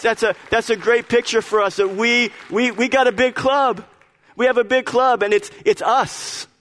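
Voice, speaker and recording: Male pastor, sermon delivery, emphatic and repetitive, slightly high voice, reverberant church hall. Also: fairly bright tone. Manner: emphatic, repeats phrases, stammers on restarts. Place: church sanctuary.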